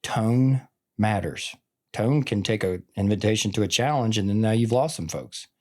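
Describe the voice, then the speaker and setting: A man's voice: on the low side, a little fast. A man in his forties, a veteran teacher, talking in an earnest, rambling way full of "like" and "I mean" in a casual conversation. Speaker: teacher and podcast guest.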